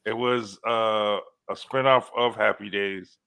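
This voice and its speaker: A man's voice: on the low side, steady tone, slow, creaky, sharp tone, clean tone. A man in his forties in casual, teasing chat on a trivia livestream, rambling with restarts as he remembers. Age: 40s. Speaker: livestream co-host.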